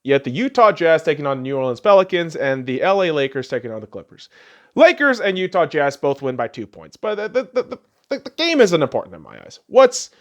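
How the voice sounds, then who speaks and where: A man's voice: high-pitched, big pitch swings, moderate pace. A man hosting a podcast, delivering a solo sports rant full of heated profanity. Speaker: podcast host.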